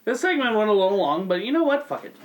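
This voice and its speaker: A man's voice: high voice, fast. A young man co-hosting a comedy podcast, swearing freely and laughing often in casual banter. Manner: profane, excitable, laughs often. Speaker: podcast co-host.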